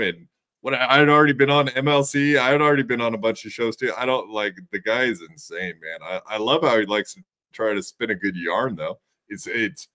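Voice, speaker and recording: A man's voice: mid-range voice, sharp tone. A man co-hosting a podcast in casual chat, mocking and trash-talking a rival.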